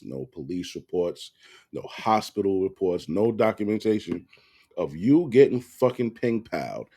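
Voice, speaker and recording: A man's voice: deep voice, lively intonation, measured pace, mellow, breathy edge. A man giving blunt, profane commentary to camera, rambling with restarts.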